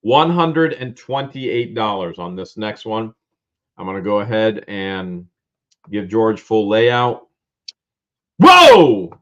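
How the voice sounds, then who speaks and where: A man hosting a live-stream auction, loudly calling out lots and prices with excitement. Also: on the low side, slow pace, muffled recording. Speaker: livestream auction host.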